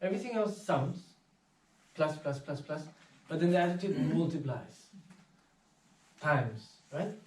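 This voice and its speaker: A man giving an inspirational talk, telling anecdotes in a casual, animated way and acting out the voices of people in his stories. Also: high-pitched. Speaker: speaker. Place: meditation centre hall. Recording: echoey hall, voice from far off.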